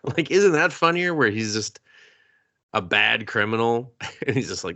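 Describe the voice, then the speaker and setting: A man co-hosting a movie review podcast, joking, swearing and acting out scenes in quick character voices. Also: mid-range voice, pushed and bright. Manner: profane, jokey, acts out characters with laughs. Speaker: podcast co-host. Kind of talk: casual movie review chat.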